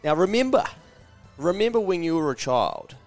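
A man hosts a solo motivational podcast, energetic and blunt, swearing freely and mocking naysayers in a higher voice. He speaks at normal speed, with faint music behind him.

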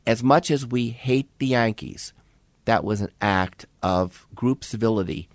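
A man's voice: mid-range voice, measured pace, no room sound. An older man, a podcast co-host who teaches medical students, talking in a thoughtful, casual way with restarts and asides. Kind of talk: casual conversation.

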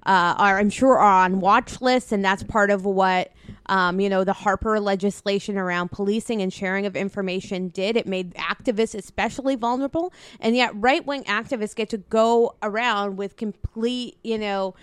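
A woman's voice: medium pitch, fairly even intonation, normal speed, clean tone, no room sound. A woman from Canada co-hosting a podcast, talking in impassioned casual political chat with many restarts and some swearing. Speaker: podcast co-host.

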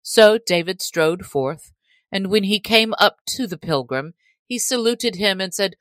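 A woman narrating an old adventure story in a measured, even storytelling manner. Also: medium pitch, dry recording. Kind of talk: storybook reading.

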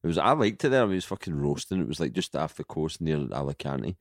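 A man's voice: extremely low pitch, sing-song, fast talker, no echo. A Scottish man, a comedian guest on a podcast, chatting casually with a laid-back, dry humor. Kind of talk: casual chat.

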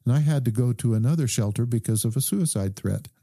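A man, a doctor guest on a podcast, calmly telling a story and quoting the people in it. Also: medium pitch, no echo, clean studio sound. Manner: calm, measured recounting with quoted dialogue. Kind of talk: conversational storytelling.

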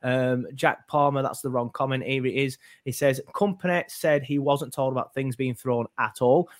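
A man hosts a casual football fan chat at an ordinary pitch. He rambles and hesitates, with plenty of fillers and restarts as he thinks aloud. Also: steady tone, moderate pace. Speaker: fan podcast host.

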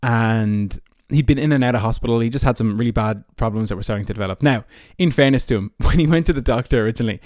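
An Irish man in his early twenties hosts his podcast, telling personal stories casually and loosely, with frequent fillers. His voice sits in a middle pitch. The sound is dry with no room echo. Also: fast, few pauses, a little mellow. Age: early 20s. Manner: chatty, many fillers like "like" and "you know". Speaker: podcast host.

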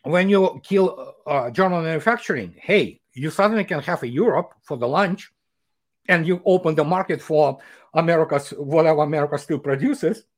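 A man, a guest commentator talking in a casual interview, animated and sardonic with many filler pauses. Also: a little high.

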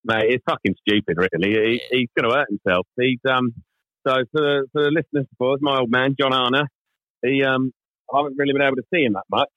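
Fast-talking sweary man. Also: medium pitch, no room sound, dull audio. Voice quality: sweary, animated anecdote-telling. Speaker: podcast co-host. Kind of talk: casual chat, comic storytelling.

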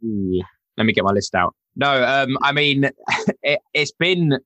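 A man's voice: medium pitch, unhurried, dry recording. A man, a touring rock drummer, chatting in an interview and acting out quotes with plenty of swearing. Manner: animated storyteller, swears freely, acts out quotes. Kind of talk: casual interview chat.

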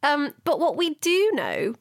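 A woman's voice: high voice, huge pitch swings, measured pace, gravelly, no room sound, clean studio sound. A young woman co-hosting a podcast in casual chat, giggly and self-mocking. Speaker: podcast co-host.

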